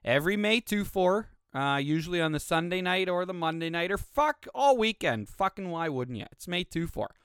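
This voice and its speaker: Animated swearing podcast host. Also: male voice, sits high, normal speed, few pauses, smooth, dry recording, clean studio sound. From Canada. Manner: blunt and heavily swearing, with animated rants. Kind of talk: casual profane storytelling.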